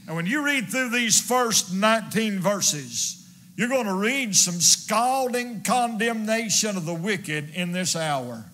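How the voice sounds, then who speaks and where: A male evangelist preaching with fervent conviction, driving his points through repetition. His voice sits high and rings out bright and forceful. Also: animated, slow. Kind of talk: sermon.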